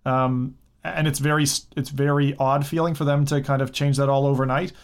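A man's voice: medium pitch, flat delivery, a little fast, clean tone. A man co-hosting a casual tech podcast, opinionated and thinking aloud. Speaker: podcast co-host. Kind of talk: casual group chat.

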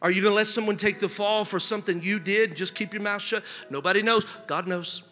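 A man preaching a sermon as pastor, asking rhetorical questions and building to shouted emphasis. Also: high voice, quick pace, in a large hall, soft background music.

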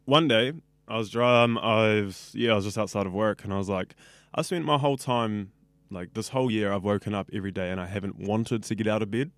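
A man's voice: fairly low pitch, fairly quick, no echo. A 21-year-old man with a New Zealand accent, a radio student chatting casually in an interview, rambling and full of fillers. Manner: chatty, rambling, says like a lot.

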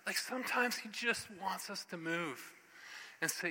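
A man preaching a sermon in an animated, conversational way, acting out scripture scenes. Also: fairly high pitch, moderate pace, big-room sound, low-quality recording.

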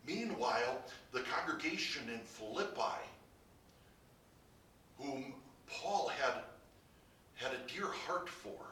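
A man preaching a sermon as pastor, building to emphatic peaks and dropping to quiet, low lines. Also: far from the mic, slight background noise. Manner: preaching with rising emphasis and soft drops. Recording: roomy, from off the mic.

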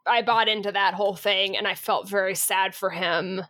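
A woman co-hosting a podcast, chatting in an animated way, laughing often and saying "like" a lot. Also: medium pitch, normal speed. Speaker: podcast co-host. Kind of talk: casual chat.

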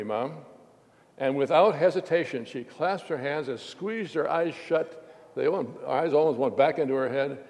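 Male pastor, mid-pitched and raspy, reflective sermon storyteller, long church-hall reverb. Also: darkish tone.

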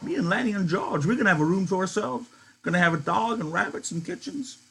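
A man's voice: animated, quick pace, gravelly, fairly bright tone, slightly rough, exaggerated voice. A man voicing a pleading old farmhand. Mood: yearning. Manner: raised pitch, earnest, insistent. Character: worn old male farmhand, pleading dreamer.

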